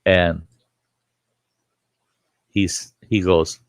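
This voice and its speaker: A man's voice: deep voice, slow, vocal fry, pauses often, no room sound. A man in his sixties hosting a live stream, talking in a rambling, emphatic, indignant way from his home studio. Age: 60s. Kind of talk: casual monologue.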